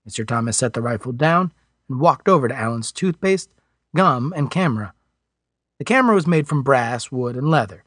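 A man reading a science fiction audiobook in scripted narration with expressive, varied delivery. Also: medium pitch, moderate pace, breathy edge, dry recording, studio quality.

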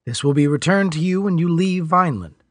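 A man's voice: fairly high pitch, animated, brisk, no echo, pitched above the performer's own voice. A polite, formal customs official who speaks in a courteous, official tone, as a male narrator puts him on. The recording is close and dry.

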